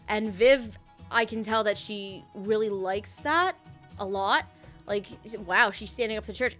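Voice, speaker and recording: A woman's voice: fairly high pitch, a bit bright. A woman hosting a casual podcast chat, rambling and self-correcting, laughing often. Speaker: podcast host reviewing an audio drama.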